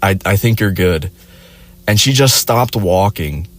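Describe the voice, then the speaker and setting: Crude, rambling young man, low voice. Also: lively intonation, unhurried. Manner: crude, profane, rambling with many fillers. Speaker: vlogger. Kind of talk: casual storytelling.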